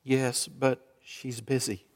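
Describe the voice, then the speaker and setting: A man voicing a whispering four-year-old boy who answers the phone in short, hushed replies. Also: mid-range voice, level tone, slow pace, big-room sound, natural voice. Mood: secretive.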